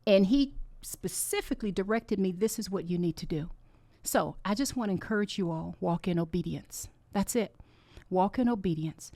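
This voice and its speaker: A woman's voice: mid-range voice, animated, moderate pace, dark tone, dry recording. A woman hosting her own podcast, giving an earnest, encouraging faith-based talk that is close to tears. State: tearful. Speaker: podcast host.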